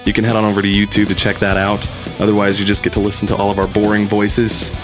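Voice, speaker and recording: A man's voice: fairly low pitch, monotone, fast, over music. A man hosting a podcast in a studio, chatting and joking loosely with his co-hosts. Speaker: podcast host. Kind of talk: casual chat.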